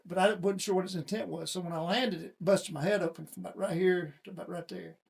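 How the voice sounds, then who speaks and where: A man's voice: high voice, fast talker, gravelly, breathy edge. A middle-aged man telling a personal story in a casual, folksy interview. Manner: folksy, plain-spoken storyteller. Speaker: guest.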